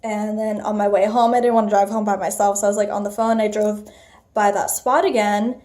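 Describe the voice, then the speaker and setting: A young woman vlogger telling a personal story casually, animated, full of fillers and swearing. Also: medium pitch, fairly quick.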